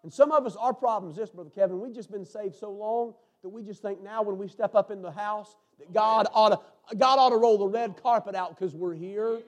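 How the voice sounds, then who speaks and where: A man preaching a sermon, swinging between hushed, intimate lines and fervent shouts. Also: sits high, fairly quick, hardly any pauses.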